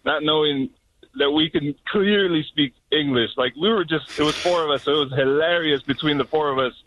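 A man calling in to a radio show, telling a story in an animated, laughing way, heard over a tinny phone line. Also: fairly high pitch, brisk. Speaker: caller.

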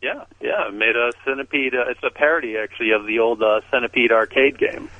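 A man's voice: mid-range voice, quick pace, no room sound. A man calling in by phone to a radio show, rambling casually with lots of filler words. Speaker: phone-in guest, game maker. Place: Los Angeles. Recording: dull lo-fi phone line.

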